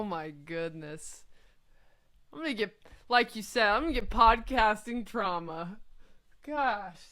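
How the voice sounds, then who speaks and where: A woman's voice: fairly high pitch, pushed and bright. Young female podcast host, casual and a bit flustered. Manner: casual, filler-heavy, flustered. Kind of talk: podcast interview.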